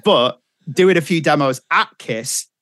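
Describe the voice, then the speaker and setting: A man's voice: a little high, expressive, unhurried, fairly bright tone, no echo. A middle-aged man, a radio presenter telling stories in a casual interview and acting out the voices of people he quotes. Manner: chatty storyteller, acts out quotes.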